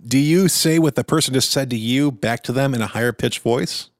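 A man's voice: mid-range voice, a little fast, dry recording, clean studio sound. A man co-hosting a podcast in casual chat, teasing his friend. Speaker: podcast co-host.

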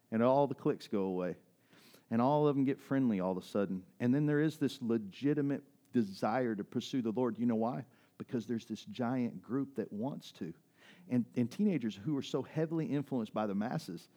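A male pastor preaching a sermon, telling a personal story that swings between excited high bursts and soft emotional moments. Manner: storytelling with quick rises in pitch and drops to soft emotional asides. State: near tears at times.

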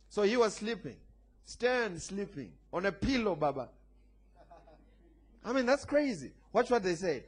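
A man with a high voice preaches a sermon with emphatic, animated delivery. He swings between loud declarations and quieter, playful asides, calling on the congregation to answer back. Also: measured pace. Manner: emphatic preaching with call-and-response. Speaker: pastor.

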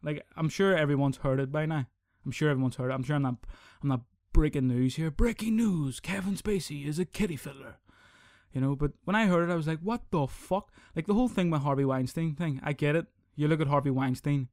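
Sweary podcast host. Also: male voice, on the high side, quick pace, few pauses, clean tone, no room sound, studio quality. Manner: sweary, rambling, animated. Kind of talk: casual solo podcast rant.

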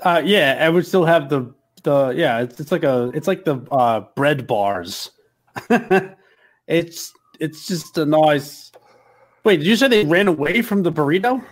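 A man playing a tabletop role-playing game, halting and repeating words as he talks. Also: fairly high pitch, animated. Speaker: player. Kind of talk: casual tabletop chat.

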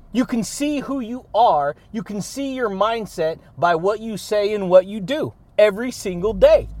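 A man hosting a motivational podcast, talking in an energetic, playful way with punchy catchphrases, rhetorical questions and frequent laughs. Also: sits high. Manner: hyped and playful, laughs often between lines.

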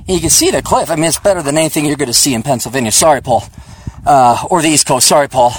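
A man's voice: on the high side, fast, a little hiss or hum. A man hosting a podcast, rambling in a profane, sarcastic, joking way while out on a hiking trail, recorded on a phone. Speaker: podcast host. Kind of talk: casual rambling monologue.

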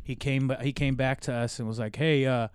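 A man's voice: mid-range voice, steady tone, brisk, smooth, no room sound. A young man co-hosting a podcast in casual chat, telling stories animatedly, swearing and laughing a lot. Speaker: podcast co-host.

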